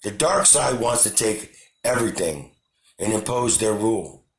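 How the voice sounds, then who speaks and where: A man's voice: on the low side, expressive, moderate pace, creaky, roomy sound. A man hosting his own channel, delivering an impassioned, repetitive political rant to camera. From United States. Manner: impassioned, repetitive, shouting at times. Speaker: channel host.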